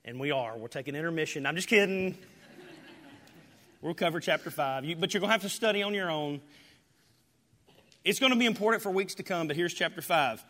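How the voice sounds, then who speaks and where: A male pastor preaching a sermon, rising to loud, impassioned declarations and dropping to near-whispers. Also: on the high side, brisk, pauses often. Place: church sanctuary. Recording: hall reverb.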